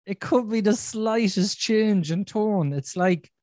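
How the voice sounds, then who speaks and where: A man's voice: high voice, slow, a little mellow, no room sound. A man hosting a podcast, talking candidly and bluntly, swearing freely and repeating himself for emphasis. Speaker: podcast host. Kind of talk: candid conversational chat.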